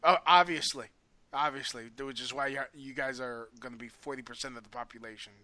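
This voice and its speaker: A man hosting a casual talk show, full of crude, rapid-fire jokes and frequent laughter. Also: medium pitch, steady tone, bright, forceful tone. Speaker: show host. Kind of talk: casual comedic chat.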